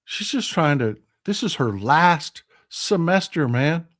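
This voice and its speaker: On a casual political live stream, an impassioned Texan host reads viewer comments, swinging from loud outrage to quiet, hushed replies. His voice is fairly high and very animated, and he takes his time.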